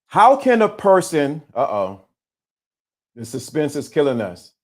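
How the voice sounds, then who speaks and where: A man hosting a casual livestream, talking to his chat in an animated, teasing way and laughing often. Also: fairly high pitch, a little slow. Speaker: livestream host. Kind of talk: casual live-stream chat.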